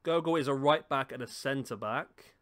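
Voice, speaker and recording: A man's voice: mid-range voice, normal speed, fairly bright tone. Chatty man doing game commentary. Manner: chatty, self-mocking, talks to the players on screen. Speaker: gaming YouTuber. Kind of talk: casual gameplay commentary. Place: home room.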